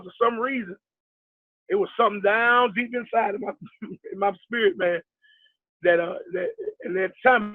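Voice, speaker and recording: High-voiced middle-aged man on a tinny line. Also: no room sound. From New York. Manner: rambling storyteller, acts out quoted talk, many fillers. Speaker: basketball head coach, guest. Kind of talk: casual storytelling interview. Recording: tinny dry phone-like line.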